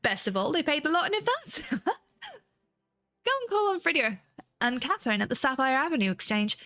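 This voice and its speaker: 女性が演じる陽気で気前のいい宿屋の女主人、高めの声で明るく早口、作った訛り. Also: female voice, high-pitched, big pitch swings, fairly bright tone, voice pushed up. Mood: cheerful. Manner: brisk, chirpy, put-on accent. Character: generous cheerful female innkeeper.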